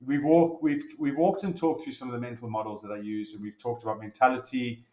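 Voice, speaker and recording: A man hosts a casual solo podcast, chatting and storytelling in a relaxed way. He corrects himself on the fly at a middle pitch. The room is noticeably echoey. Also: brisk. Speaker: podcast host.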